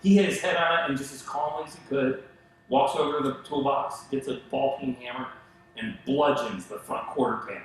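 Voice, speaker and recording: A middle-aged man preaching a sermon in a conversational, animated way, with asides and acted-out quotes, at a church stage mic. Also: medium pitch, brisk, a little hiss or hum. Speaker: pastor. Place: church auditorium. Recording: very echoey church hall.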